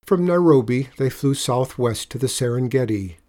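A man narrating a children's storybook aloud in a gentle, measured way. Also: medium pitch, lively intonation. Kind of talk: storybook reading.

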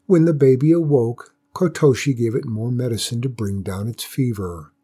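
A man reads a folktale aloud at a measured, gentle pace. His voice is dark and mellow, with a husky grain running through it. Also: medium pitch. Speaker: narrator. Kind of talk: storybook reading.

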